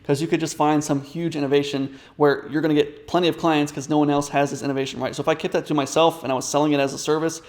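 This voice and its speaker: A man's voice: fairly high pitch, level tone, quick pace, few pauses, a little mellow. A man telling a business story in a casual, rambling way, with many fillers and restarts. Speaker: business coach.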